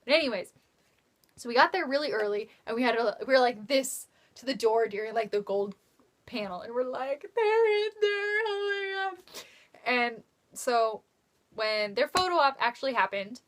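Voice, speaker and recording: Young woman, casual vlog storytelling, swears a lot, lots of fillers, a bit high-pitched. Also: a little fast. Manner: rambling, swears freely, leans on fillers; acts out quotes with jumps in pitch. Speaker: vlogger.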